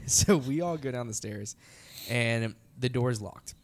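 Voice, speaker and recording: A young man telling a story in casual podcast chat, animated and full of "like" fillers. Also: mid-range voice, unhurried. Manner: animated, heavy use of "like" fillers. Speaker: podcast storyteller, band member.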